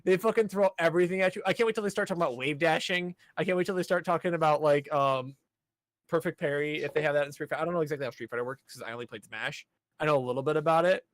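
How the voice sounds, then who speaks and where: A man's voice: fairly high pitch, very fast, fairly bright tone, no echo. A man co-hosting a casual podcast, animatedly recapping an anime episode, acting out the characters' lines and swearing freely. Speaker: podcast co-host.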